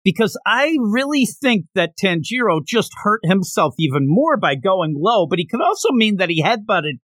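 Podcast guy rambling about a comic, bouncy lively voice, dry sound. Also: high-pitched, normal speed, no echo. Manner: animated, rambling retelling with lots of fillers. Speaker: podcast host. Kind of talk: casual chat recapping a comic.

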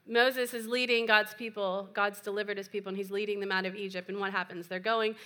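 A woman's voice: mid-range voice, little pitch movement, brisk, pushed and bright. A woman pastor preaching a sermon in a chatty, playful way with joking asides. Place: church.

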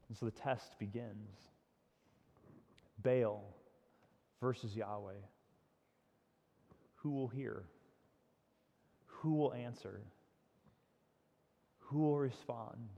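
A man preaching a sermon, retelling a story dramatically, swinging from loud to hushed. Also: medium pitch, very slow, gravelly, pauses often. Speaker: pastor. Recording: long hall reverb.

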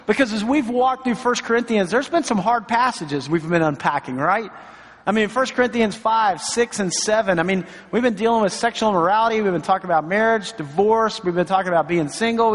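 A man's voice: high voice, a bit bright. A middle-aged male pastor preaching a sermon in a church, telling stories in an earnest, encouraging way with lots of asides. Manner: storytelling, earnest and encouraging, many asides like "right?" and "you know". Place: church sanctuary. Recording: long hall reverb.

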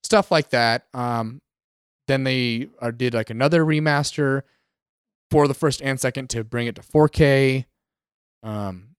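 A man, co-hosting a casual gaming podcast and retelling events in an animated way. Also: medium pitch, unhurried, clear, resonant tone, no room sound, clean studio sound. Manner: animated storyteller, acts out quotes. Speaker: podcast co-host.

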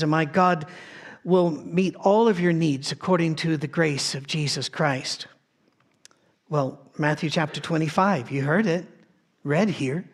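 Speaking a bit higher than usual, a male pastor preaches a sermon from a soundstage. His style is conversational, like telling friends a story, and he frequently goes back to restart a phrase.

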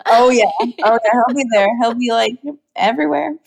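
A woman from California, appearing as a pet-owner guest in a casual interview, speaks fairly quickly in a highish voice with vocal fry. She's bubbly and giggly, saying "like" a lot.

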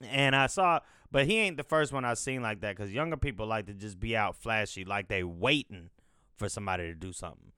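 A man's voice: on the low side, a little fast, bright, forceful tone, clear, resonant tone, no echo, studio quality. A man hosting a podcast, talking in a loose, profane, rambling way as he thinks aloud. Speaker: podcast host. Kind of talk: casual rambling commentary.

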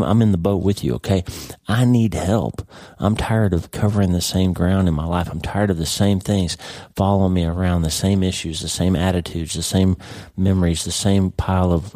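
A man's voice: deep voice, dark tone, no room sound, studio quality. A middle-aged man from the United States hosting a podcast, speaking in a rambling, earnest way with frequent restarts. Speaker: podcast host. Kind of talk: casual devotional talk.

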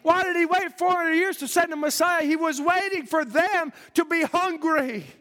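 A man's voice: very high voice, normal speed, pushed and bright, big-room sound. A man preaching a fervent sermon to his congregation, reading scripture aloud and exhorting his listeners. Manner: fervent, preachy, quoting scripture in old-style English.

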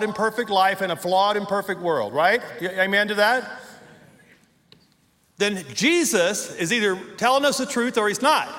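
Middle-aged male pastor, high voice, emphatic sermon delivery, big church reverb. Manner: emphatic preaching, drawn-out stressed words, rising to shouts. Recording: long hall reverb in a church.

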